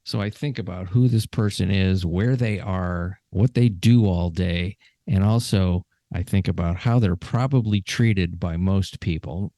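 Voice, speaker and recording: A man's voice: low-pitched, a little slow, hardly any pauses, warm tone, dry recording, studio quality. A man hosting a podcast in casual conversation, talking in a chatty, rambling way with frequent restarts. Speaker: podcast host.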